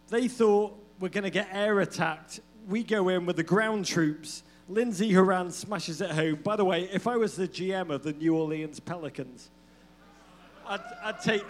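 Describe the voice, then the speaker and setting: A man co-hosting a live comedic football podcast, telling stories in a playful, mock-dramatic way and laughing often. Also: sits high. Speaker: podcast co-host. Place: live show venue.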